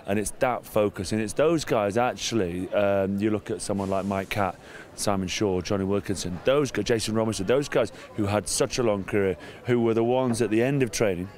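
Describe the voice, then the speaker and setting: Lowish-voiced chatty English man. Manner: chatty and self-mocking, turning lively and animated. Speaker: interview guest, former rugby player. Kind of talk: casual interview chat. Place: outdoors at a sports venue.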